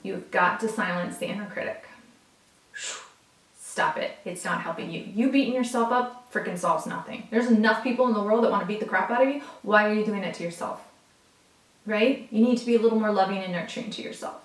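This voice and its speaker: A woman giving a casual, chatty tarot reading to her viewers, excitable and talking straight to them. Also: medium pitch, fast. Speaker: tarot reader. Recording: roomy, from a distance.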